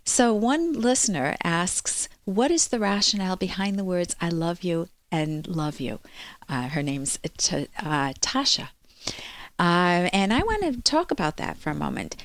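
A woman's voice: on the low side, big pitch swings, unhurried, dry recording. A woman clinical psychologist hosting a call-in radio advice show, talking to listeners in an earnest, explanatory way.

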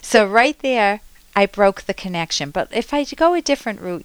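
A woman hosts a call-in advice program, speaking as a therapist with a smooth, resonant voice. She coaches her caller and acts out sample exchanges for him. Her voice sounds close and dry, with no room around it. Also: medium pitch, lively intonation, normal speed, dry recording, low-quality recording. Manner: coaching, role-plays dialogue with caller. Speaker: radio advice host and therapist.

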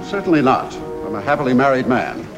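Two-timing husband, lively pitch, loud score behind, old film clip. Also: male voice, quick pace, over loud music, rough recording. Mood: evasive. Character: smooth-talking married man out with a girl.

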